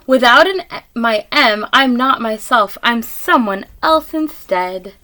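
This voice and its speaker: A sad young monster boy from a storybook speaks in a tearful, pleading sing-song rhyme, as a woman reads him aloud. The voice sits fairly high and unhurried. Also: lively intonation, pushed and bright, exaggerated voice. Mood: wistful.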